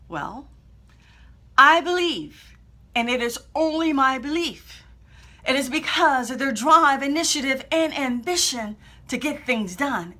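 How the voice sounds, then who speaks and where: Woman, motivational speech, high pitch, dramatic delivery. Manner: dramatic, acts out scenes with shouts and pauses. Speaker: motivational speaker.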